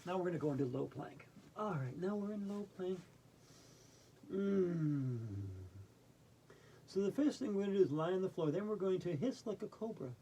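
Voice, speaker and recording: A woman leading a silly children's yoga lesson, playful, with soft and calm breathing cues. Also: fairly low pitch, moderate pace, long pauses, slight background noise. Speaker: kids yoga instructor.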